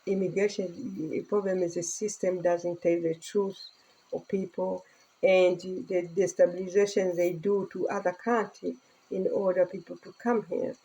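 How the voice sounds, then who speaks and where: Middle-aged woman from Tanzania, earnest casual vlog to phone, mellow husky tone. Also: fairly low pitch, level tone, moderate pace, low-quality recording. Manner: earnest, speaking broken English with laughter. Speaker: vlogger.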